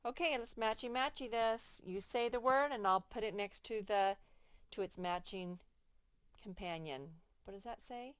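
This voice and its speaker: A woman teaching young children to read, slowly stretching out each word with patient, clear explanations. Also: medium pitch, no echo. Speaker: first-grade teacher. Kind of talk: slow, patient phonics lesson to young children.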